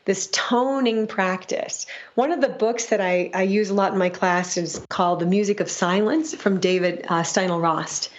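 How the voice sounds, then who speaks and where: A woman's voice: mid-range voice, normal speed, hardly any pauses. A woman in her fifties, a music and sound-healing teacher, answering questions in a reflective, teacherly way and often checking in with "right?".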